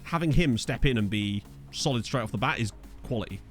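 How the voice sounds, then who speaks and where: Chatty man from Essex with lively pitch. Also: a little fast, soft background music. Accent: Essex English. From Essex, England. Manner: chatty, reads chat aloud, jokey asides. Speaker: streamer. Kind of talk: casual live-stream game commentary.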